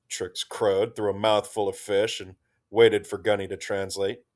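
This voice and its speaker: A man reading a story aloud in slow, measured narration. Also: on the low side, fairly even intonation.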